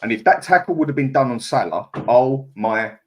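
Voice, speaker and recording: A man's voice: mid-range voice, expressive, normal speed, slight background noise. A man, a panelist on a fan podcast, talking bluntly and laughing often. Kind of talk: casual chat.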